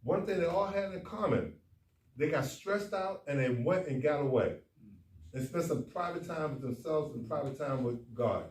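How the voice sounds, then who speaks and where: A man, a doctor, giving a folksy, animated talk at a men's conference, speaking straight to the audience. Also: a little high, normal speed. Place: conference room. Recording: echoey hall, far from the mic, faint noise.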